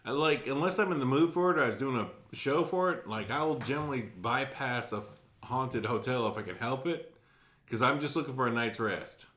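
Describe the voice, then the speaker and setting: Male co-host, mid-pitched, easygoing and agreeable, echoey room. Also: a little fast, a bit bright. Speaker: podcast co-host. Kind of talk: casual chat.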